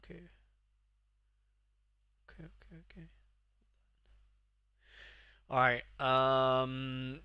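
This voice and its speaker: A man's voice: medium pitch, creaky, pushed and bright, no room sound. A young man streaming live, rambling and sarcastically mocking himself as he chats. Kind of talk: live gaming stream chat.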